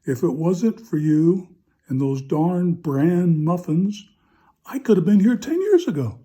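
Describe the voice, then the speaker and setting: A priest voicing a fussy older husband and golfer who has just arrived in heaven, with a fretful, grumbling manner, while telling a joke in a homily. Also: male voice, on the high side, big pitch swings, measured pace, dark tone, husky, exaggerated voice.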